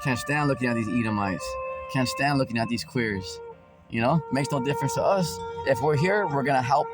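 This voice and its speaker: A man's voice: medium pitch, a little fast. A man preaching as a street preacher in a ranting, mocking tone full of slang and swearing. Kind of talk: ranting religious commentary. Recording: loud background music.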